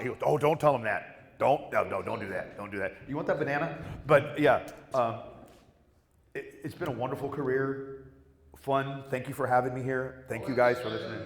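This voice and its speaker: Speaking at medium pitch and an ordinary speed, this middle-aged panel guest wanders through foul-mouthed anecdotes. He voices the other people's dialogue himself. The sound bounces around a convention hall.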